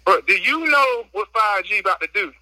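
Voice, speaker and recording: A man's voice: high voice, animated, normal speed, sharp tone, dry recording, low-quality recording. A man guest on a casual podcast, talking through a phone while out on a walk, slightly out of breath, emphatic and slangy as he vents. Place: outdoors on a walk.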